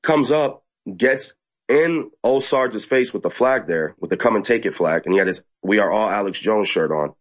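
Man, low husky voice, animated storytelling, mocking high-pitched impressions, muffled lo-fi sound. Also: moderate pace. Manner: animated, mocks others in high squeaky voices. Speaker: activist guest. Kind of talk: casual storytelling interview.

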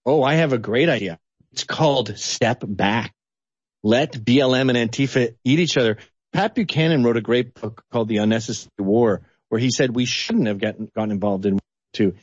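A man from Canada giving blunt, animated political opinions as an interview guest. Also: brisk, breathy edge, no echo, dull audio. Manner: blunt, animated, sweeping pitch swings.

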